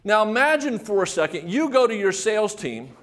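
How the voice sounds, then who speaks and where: A man's voice: high-pitched, brisk. An older man giving a motivational sales talk to an audience, telling stories and firing rhetorical questions at the crowd. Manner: animated storytelling, acts out quoted voices. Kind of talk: keynote speech to an audience.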